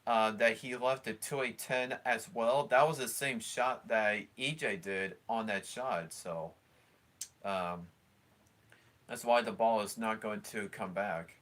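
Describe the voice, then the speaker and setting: A man hosting a live stream, talking over a sports broadcast in a halting way, full of fillers and restarts. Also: on the low side, a bit bright. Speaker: stream host commentating along with a broadcast. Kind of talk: casual live commentary.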